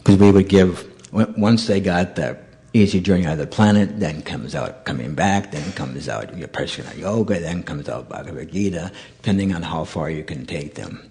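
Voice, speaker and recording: A man's voice: sits low, moderate pace. A man telling stories in a sermon, acting out the voices of the people in them. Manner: animated storyteller acting out dialogue. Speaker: monk giving a talk. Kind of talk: storytelling sermon.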